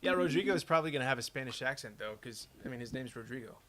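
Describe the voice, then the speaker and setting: Chatty, lively game developer man. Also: medium pitch, very fast. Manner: rambling, chatty, self-interrupting. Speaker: game developer playing his own game. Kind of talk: casual gameplay commentary.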